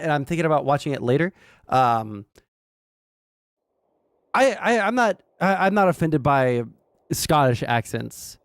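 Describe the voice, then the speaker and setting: A man's voice: on the high side, no room sound, clean studio sound. A man streaming casual political commentary, rambling with fillers and wry asides.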